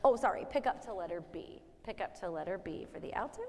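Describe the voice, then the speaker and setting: A woman's voice: fairly low pitch, lively intonation, fast talker, darkish tone, a little hiss or hum. A woman choir director counting in and giving friendly directions to her singers during rehearsal. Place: rehearsal hall. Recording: long hall reverb.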